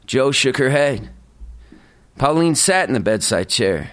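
Brief: a relaxed man reading fiction aloud to a crowd, breaking off for casual jokes. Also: mid-range voice, slow pace, pauses often. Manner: casual, joking asides with chuckles. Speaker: reader. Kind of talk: reading a story aloud to a live audience.

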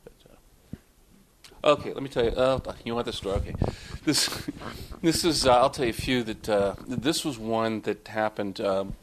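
A man's voice: mid-range voice, moderate pace, noisy background. A man from Florida, an author telling anecdotes to an audience at a book talk, rambling with many fillers and restarts. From Florida, USA. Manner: rambling, self-interrupting, many fillers, chuckling. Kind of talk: casual live storytelling to an audience.

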